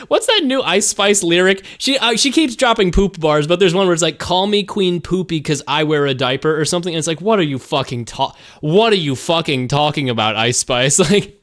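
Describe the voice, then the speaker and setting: A man's voice: a little high, animated, normal speed, a bit bright. A man streaming a game, reading it aloud and joking with crude asides. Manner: joking, swearing, laughing. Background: game music.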